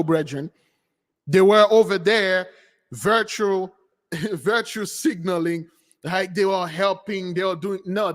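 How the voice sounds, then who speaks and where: A man preaching to his online followers, addressing them as beloved while he comments on news clips in an animated, heated way. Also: high-pitched, big-room sound.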